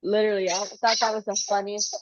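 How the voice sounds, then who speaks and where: A woman chatting casually as a podcast co-host, telling a story with lively, dramatic retellings. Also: mid-range voice, quick pace, highs cut off, slight background noise. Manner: animated, acts out her daughter's whiny voice.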